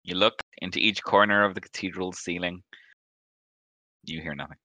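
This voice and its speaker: A man's voice: deep voice, fairly even intonation, normal speed, bright, forceful tone, dry recording. A man running a tabletop game as game master, describing scenes in a laid-back way and laughing easily.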